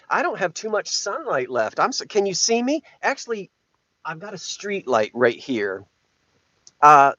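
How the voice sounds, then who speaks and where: Sitting in his parked truck, a live-streaming antiques dealer chats to viewers via a mounted camera, wandering off-topic, cracking jokes and cutting himself off. He has a high, fairly bright voice. The recording is dry but dull and lo-fi, with a faint hum underneath.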